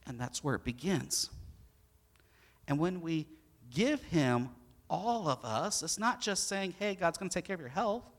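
A middle-aged man preaching a sermon, his delivery animated as it swings between loud bursts and hushed moments. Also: a little high, unhurried. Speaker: pastor.

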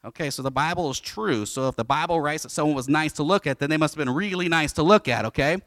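Man, 40s, pastor preaching casually, acting out the voices; slightly high, dry sound. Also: fast talker, fairly bright tone, no room sound. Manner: casual storytelling, acts out the voices. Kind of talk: sermon.

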